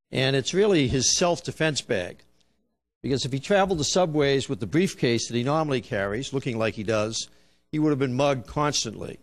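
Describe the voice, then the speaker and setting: An older man with a strong Boston accent delivers a public speech. He speaks in a measured, emphatic way, laying points out like a lecture and slipping in dry humor. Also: mid-range voice. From United States. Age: 60s. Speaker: police commissioner giving a speech.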